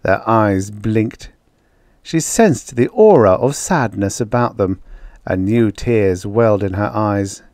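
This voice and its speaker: A man's voice: fairly low pitch, lively intonation, darkish tone, dry recording, studio quality. A man narrating a vintage science fiction story as an audiobook reader. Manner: slow, measured reading. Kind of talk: scripted narration.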